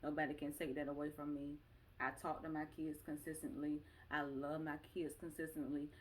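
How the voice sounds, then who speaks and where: Candid, lower-voiced woman chatting about motherhood. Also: fairly quick, slight background noise, low-quality recording. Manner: candid, talks about her kids with lively re-enactments. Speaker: podcast host. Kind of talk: casual podcast chat.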